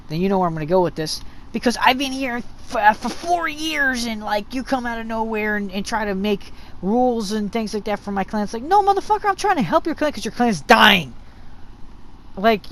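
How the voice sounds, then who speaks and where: A gaming channel host giving an unscripted, profane rant that rambles with restarts. The host now and then mocks others in shrill put-on voices.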